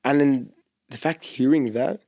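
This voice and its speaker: A young man, a seminarian guest, giving an emotional personal testimony in a podcast interview, halting, with many restarts. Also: medium pitch, vocal fry, darkish tone. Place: church podcast studio.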